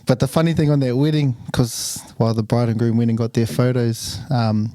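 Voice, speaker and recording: A man with a mid-pitched voice, recorded close and dry with no room echo. He co-hosts a casual podcast and tells stories in a laughing, animated way, swearing freely. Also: fast, hardly any pauses. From New Zealand. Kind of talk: casual chat.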